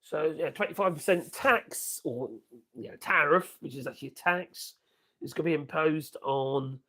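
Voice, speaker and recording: A man's voice: a little high, moderate pace, pushed and bright. An older man, hosting a casual political commentary livestream and rambling chattily with asides. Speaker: livestream host.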